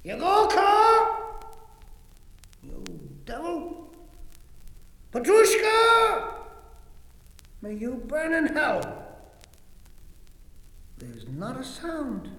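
A man playing a drunken old stage actor of sixty-eight in a theatrical monologue, moving between mutters and loud outbursts. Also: very high voice, full character voice. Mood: grumbling. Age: older. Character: drunken aging male stage actor, 68, maudlin. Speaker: actor in audio drama. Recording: roomy hall reverb with faint music.

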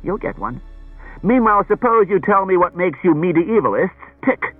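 A man's voice: high-pitched, very animated, husky, no echo, faint music behind, pitched above the performer's own voice, heavily acted. Man doing a hard-nosed, needling police detective. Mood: commanding. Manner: brisk, needling, commanding. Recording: tinny old radio broadcast.

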